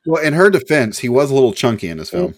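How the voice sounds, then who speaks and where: A man's voice: mid-range voice, very animated, quick pace. A man hosting a podcast in a casual chat, teasing his guest with dry quips.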